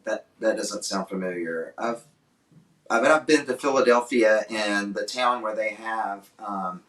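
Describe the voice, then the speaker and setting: A man's voice: fairly low pitch, a little slow, a bit bright. A man, a singer-songwriter and fiddler, chatting casually between songs in a sarcastic, joking way. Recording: roomy echo.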